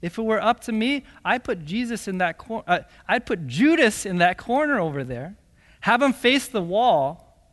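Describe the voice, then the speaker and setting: A man's voice: high voice, very animated, measured pace, a bit bright. A man preaching a sermon as pastor, reading scripture and explaining it with emphatic, rhetorical "right?" asides. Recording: long hall reverb.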